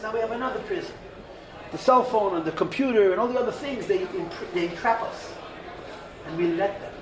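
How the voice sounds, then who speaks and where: Male rabbi, animated lecture delivery; distant mic in a reverberant hall, audience present. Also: high-pitched. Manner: animated, mixes Hebrew and Yiddish terms, acts out voices in asides. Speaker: rabbi teaching a class. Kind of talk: animated Torah class lecture. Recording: roomy hall, voice from far off the mic.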